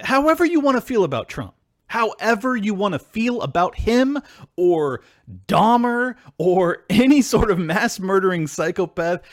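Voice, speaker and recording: Heated man ranting, very animated. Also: high voice, no echo, clean studio sound. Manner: heated, profane and combative, breaking into yelling. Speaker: podcast host. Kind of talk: solo political podcast rant.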